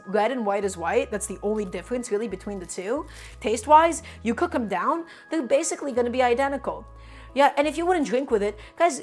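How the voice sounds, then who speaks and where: A woman with a slightly high voice runs a live cooking lesson from her home kitchen. She talks easily and constantly, walking viewers through each step and calling them "guys" as she coaches them along. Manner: chatty and coaching, addresses the audience as "guys" and repeats "go ahead". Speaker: cooking streamer. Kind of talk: live cooking stream, chatting with viewers while prepping.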